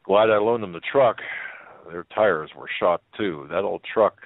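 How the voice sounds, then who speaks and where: A kindly, lonely old man who runs a gas station talks in a plain, homespun way, read out by a man. The voice is fairly low and comes through a thin, dry, phone-like line. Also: a little slow, no room sound.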